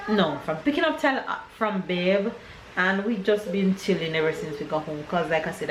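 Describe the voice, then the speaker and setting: A woman with a Jamaican accent chatting casually in her home kitchen for a vlog, relaxed and tired, laughing easily. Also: fairly low pitch. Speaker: vlogger and mother. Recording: echoey kitchen with background noise.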